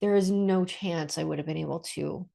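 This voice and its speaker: A woman's voice: deep voice, normal speed, gravelly, mellow. A woman speaking in a casual webinar discussion, stressing her points by repeating them, speaking over a video call.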